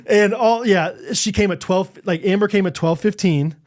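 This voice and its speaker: A man in his thirties with a fairly high voice chats casually as a podcast co-host. He tells a long story with animated energy, acting out quotes with sudden leaps in pitch and breaking into laughter often. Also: normal speed. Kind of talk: casual chat.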